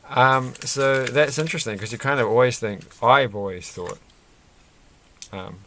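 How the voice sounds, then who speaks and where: A man's voice: medium pitch, unhurried, bright, forceful tone, a little hiss or hum. A man chatting casually and rambling as he builds a Lego set at his desk, with lots of fillers and restarts. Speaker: Lego reviewer. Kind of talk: casual chat while building.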